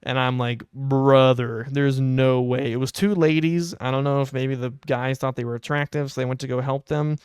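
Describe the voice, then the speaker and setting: A young adult man hosting a podcast, telling a casual anecdote in a wry, animated way. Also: mid-range voice, a little fast, hardly any pauses, clear, resonant tone, no room sound, clean studio sound. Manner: animated, wry storytelling with quoted asides. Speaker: podcast host.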